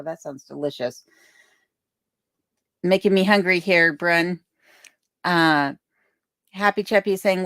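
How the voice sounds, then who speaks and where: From her remote home in Alaska, a woman with a lowish voice hosts a casual livestream, reading viewer comments aloud and chattily thanking people. She speaks into a desk microphone on a boom arm, and the studio-quality audio carries no room sound.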